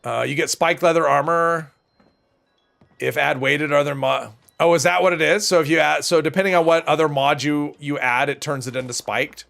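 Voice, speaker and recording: A man's voice: fairly high pitch, fairly even intonation, moderate pace, creaky, a bit bright. A man streaming a video game, rambling and thinking aloud in casual commentary, with a stuffy nose. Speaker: gaming streamer.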